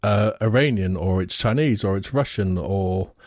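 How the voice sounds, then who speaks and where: A man with a military and defense background, explaining things in a measured way during a casual panel discussion. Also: deep voice, a little mellow, dry recording, studio quality.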